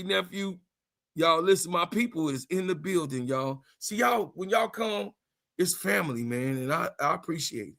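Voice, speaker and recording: A man in his fifties with a gravelly edge and a bright, forceful tone hosts a livestream. He rants hard and swears a lot, repeating his lines and pushing up into shouts. His voice sits a little high for a man. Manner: profane, repetitive, raises voice into shouts. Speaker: sports channel host. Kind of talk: heated livestream rant.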